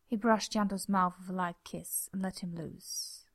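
A woman reading a story aloud as narrator, in a calm, steady, soft-spoken way. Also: lowish voice, measured pace. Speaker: audiobook narrator.

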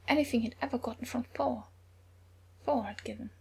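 A woman reading a story aloud in a soft, often whispered narration. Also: fairly high pitch, steady tone, fairly quick. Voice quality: very breathy.

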